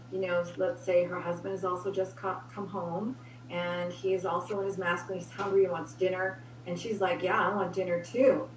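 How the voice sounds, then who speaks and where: A woman giving upbeat, practical relationship advice in a casual chat, laughing often. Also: fairly low pitch. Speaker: guest relationship advisor. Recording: roomy, distant mic with faint hum.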